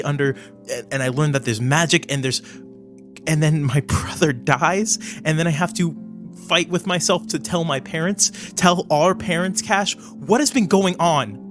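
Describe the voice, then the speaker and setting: A man's voice: medium pitch, lightly acted. A man voicing a distraught adult woman confronting her brother in a tabletop game, pleading and accusing.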